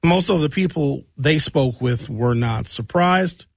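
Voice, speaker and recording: Hoarse guy hosting a talk show, husky voice, dry close sound, blunt opinions. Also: fairly high pitch, animated, a little slow, dry recording. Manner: blunt, conversational, rhetorical questions. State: hoarse from recent shouting. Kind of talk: opinionated commentary on local news.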